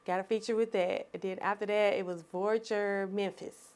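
A woman, a podcast guest telling her story in an animated, expressive way and laughing often. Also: medium pitch, moderate pace, clean tone. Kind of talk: storytelling in conversation.

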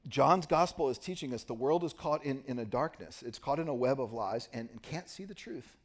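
A male pastor gives a sermon in a church at a mid-range pitch. He reads scripture aloud and then unpacks it patiently, pausing to stress key words. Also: lively intonation. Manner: explanatory, pauses for emphasis, reads scripture aloud.

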